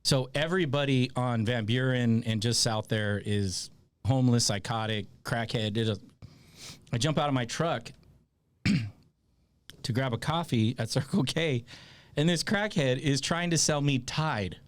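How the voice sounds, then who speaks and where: A man's voice: mid-range voice, a little slow, clean tone, no room sound. A man hosting a casual chat, joking and swearing as he tells a story. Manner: lively, joking, profane. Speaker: podcast host.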